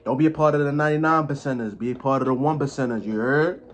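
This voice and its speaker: A man's voice: mid-range voice, fast talker. A young man talking casually to camera as he eats a meal, with loose slangy banter and food in his mouth at times. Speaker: mukbang vlogger. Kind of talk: casual talk to camera while eating.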